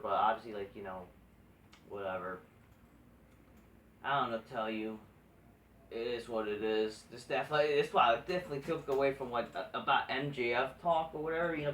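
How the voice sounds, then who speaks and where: A man's voice: mid-range voice, a bit bright, a little hiss or hum. Profane, exasperated man ranting in an echoey room. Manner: profane, rambling and exasperated, with many restarts. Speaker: wrestling commentary vlogger. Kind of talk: casual rant. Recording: echoey room from far off the mic.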